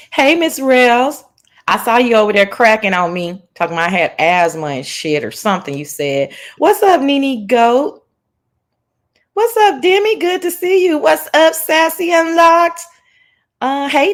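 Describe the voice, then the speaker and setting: A woman hosting a casual livestream chat from her laptop, sassy and playful, greeting viewers by name in a lively sing-song. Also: medium pitch. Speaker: livestream host. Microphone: laptop mic.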